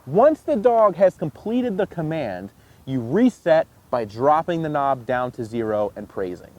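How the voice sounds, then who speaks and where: A man teaching dog training, explaining casually and jumping into a high excited voice when he demonstrates praise. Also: measured pace. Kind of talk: instructional demonstration.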